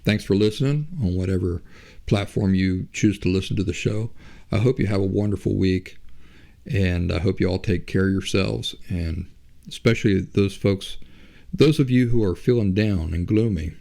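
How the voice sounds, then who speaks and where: A man's voice: low voice, moderate pace, creaky, mellow. A man hosting a podcast, telling a story in a loose, chatty, conversational way. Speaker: podcast host. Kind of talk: casual spoken storytelling.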